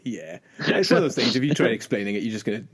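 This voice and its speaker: A man's voice: medium pitch, fast, slightly rough. A man co-hosting a podcast, telling rambling, self-mocking stories with frequent chuckles. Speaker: podcast co-host. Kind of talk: casual podcast banter.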